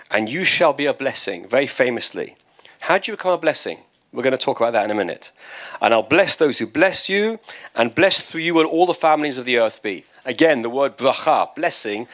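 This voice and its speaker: British male rabbi lecturing, mid-pitched, chatty asides, quick jokes. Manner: conversational and lively, with asides and jokes. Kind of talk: text-study lecture.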